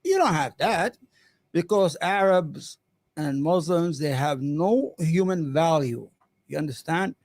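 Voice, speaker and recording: A man hosting an opinionated live commentary stream, impassioned and sarcastic, often halting on fillers and restarts. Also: a little high, a little mellow, dry recording. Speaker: livestream host.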